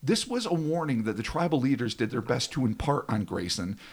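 A man's voice: medium pitch, very animated, a little fast, darkish tone, breathy edge. A man hosting a casual podcast, reading a dramatic script aloud and breaking off into joking asides. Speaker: podcast host.

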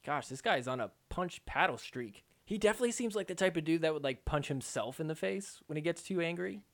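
Man, podcast host, excitable joking recap of match footage, slightly high voice. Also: fast. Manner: excitable, joking, mimics players in quotes. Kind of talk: sports recap commentary.

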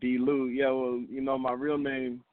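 A man's voice: mid-range voice, flat delivery, moderate pace, dry recording. A man calling in to a radio show as a hip hop artist guest, laid-back and polite, with many fillers. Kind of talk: phone-in interview. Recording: dry phone line.

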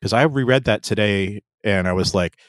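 A man's voice: lowish voice, moderate pace, no echo, studio quality. A man in casual conversation about a book, asking questions and analyzing how the story is told. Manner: asks probing questions, analytical.

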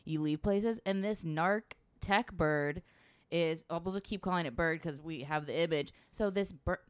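Animated, laughing woman podcaster. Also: lowish voice, moderate pace, clear, resonant tone, no echo. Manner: animated, swearing, laughs often. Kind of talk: casual chat.

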